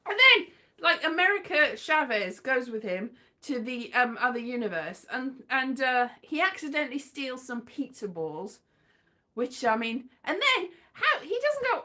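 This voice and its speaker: A woman's voice: high-pitched, big pitch swings, moderate pace, pushed and bright. A woman hosting a casual livestream, chatting in a playful, rambling way with sing-song bursts. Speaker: livestream host.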